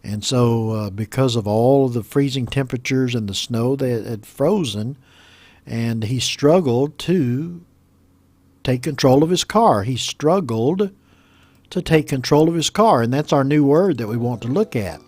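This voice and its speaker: A man with an American accent teaching English pronunciation, reading a news story aloud and explaining words slowly and patiently. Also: mid-range voice, darkish tone, dry recording. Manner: slow, patient, repeats words for learners.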